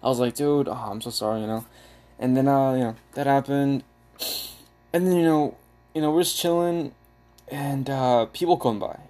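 Young man, casual storytelling, animated, laughs a lot, mid-pitched voice. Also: moderate pace, pauses often. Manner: animated, laughing, acts out quoted lines in a raised voice.

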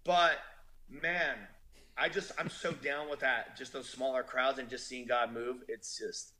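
An animated man telling stories as a podcast guest, acting out the voices of people he quotes. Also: mid-range voice, measured pace. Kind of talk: casual conversation.

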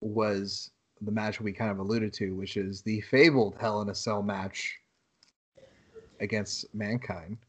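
A man co-hosting a casual podcast, telling stories in an animated way with lots of swearing and bursts of laughter. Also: lowish voice, unhurried, breathy edge. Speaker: podcast co-host.

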